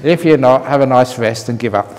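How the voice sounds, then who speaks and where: A man's voice: medium pitch, fairly quick, big-room sound, noisy background. A man, a Buddhist monk, giving a dry, joking talk at a meditation retreat. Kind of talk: humorous retreat talk, reading a story aloud.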